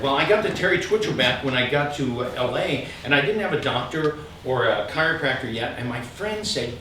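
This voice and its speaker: A middle-aged man telling humorous personal stories to a live audience, animated and self-mocking, with frequent ums. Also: medium pitch. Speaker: speaker sharing stories at a gathering. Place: large room with an audience. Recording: echoey hall, from far off, with background noise.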